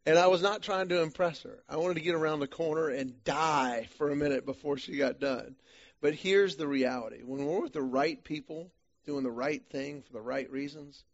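A man with a slightly raised speaking pitch leads a men's church study group. He tells stories in an animated, self-deprecating way. The sound is a little dull and lo-fi. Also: normal speed. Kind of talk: church small-group teaching talk.

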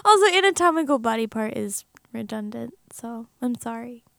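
High-voiced teasing woman podcaster. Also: lively intonation, moderate pace, gravelly, fairly bright tone, dry recording, clean studio sound. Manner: teasing, laughs often. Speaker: podcast co-host. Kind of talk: casual chat.

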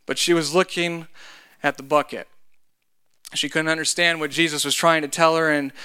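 Man pastor, smooth resonant voice pitched a little high, chatty sermon delivery. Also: level tone, normal speed, pushed and bright. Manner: conversational, joking asides.

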